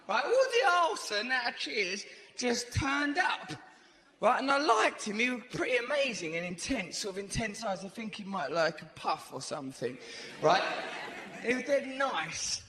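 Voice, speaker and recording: A man doing stand-up comedy, telling stories in a fast, animated way with sudden put-on voices and bursts of shouting. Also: high voice. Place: large theatre stage. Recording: echoey live venue, crowd noise.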